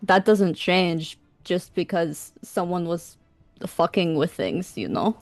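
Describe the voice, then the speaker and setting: A woman playing a character in a tabletop game, talking earnestly and haltingly with many fillers. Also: on the low side, animated, no echo, faint music behind. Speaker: player. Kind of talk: in-character tabletop role-play.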